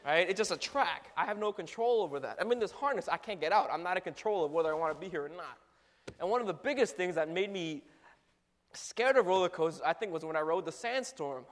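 High-voiced man telling a story. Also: fast. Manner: animated, mimics ride noises, heavy filler words. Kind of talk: casual storytelling monologue. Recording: long hall reverb.

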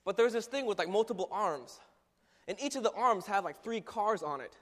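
A young man in a casual storytelling monologue, animated and full of filler words, acting out ride noises. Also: high voice, moderate pace. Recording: long hall reverb.

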